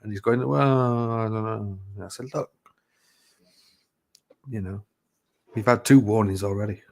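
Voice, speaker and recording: A man's voice: fairly low pitch, measured pace, gravelly. A man telling stories in a casual chat, rambling and swearing freely with lots of "you know". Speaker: live chat host.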